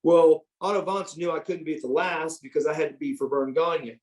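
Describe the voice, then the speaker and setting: Animated, profane storyteller man in his fifties. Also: fairly high pitch, brisk, poor audio. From United States. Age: 50s. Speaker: guest, former pro wrestler. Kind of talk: storytelling in a podcast interview.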